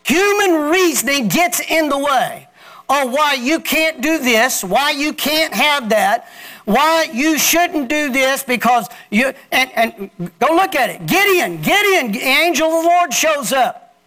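In a very high, sharp voice with lively intonation, a male pastor preaches at a measured pace. He calls on the congregation to repeat after him, call-and-response style.

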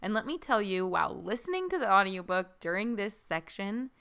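Woman, podcast co-host, bright clear voice, chatty, giggly. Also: mid-range voice, very animated, a little fast. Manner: chatty, giggly, lots of fillers. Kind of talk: casual book discussion chat.

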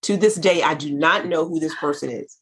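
Fervent woman minister on a faith talk show, husky tone. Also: sits low, brisk. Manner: fervent, preacherly, repeats phrases. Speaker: minister and network founder. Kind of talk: christian talk show conversation.

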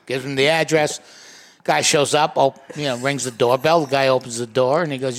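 A man's voice: mid-range voice, fairly even intonation, a little fast. A man co-hosting a podcast who tells a long joke in a storytelling way, laughing as he goes. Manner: storytelling joke-teller, laughs while telling. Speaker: podcast co-host. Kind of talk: casual podcast chat, telling a joke.

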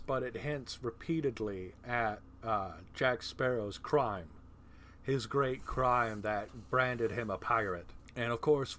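Male host for a casual movie podcast; talks in an animated, chatty way and laughs easily. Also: mid-range voice, slight background noise. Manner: animated, laughing, profane asides. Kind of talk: casual film discussion.

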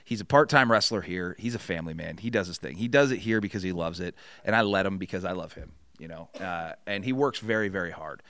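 A middle-aged man with a low voice tells a story in casual conversation, swearing often and acting out the other people in it. The sound is dry and close. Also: fast, hardly any pauses, dry recording. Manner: profane, animated storyteller acting out quotes. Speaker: podcast guest.

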